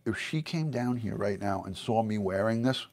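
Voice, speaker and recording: A man's voice: on the low side, normal speed, darkish tone. A middle-aged American man chatting casually on a livestream from his home basement, answering viewer comments as he goes. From United States. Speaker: livestream host. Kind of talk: casual live-stream chat.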